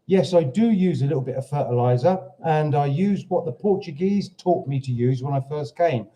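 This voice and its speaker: A British man with a slightly high, warm voice speaks at a moderate pace as he hosts a casual livestream from his home in Portugal. He rambles while reading out viewer comments and pauses to talk to his dog.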